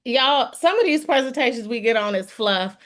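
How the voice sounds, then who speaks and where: A woman's voice: a little high, expressive, moderate pace, fairly bright tone. Earnest middle-aged woman giving a testimony. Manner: earnest, calls listeners y'all. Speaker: sales team member giving a testimonial. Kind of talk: heartfelt testimonial.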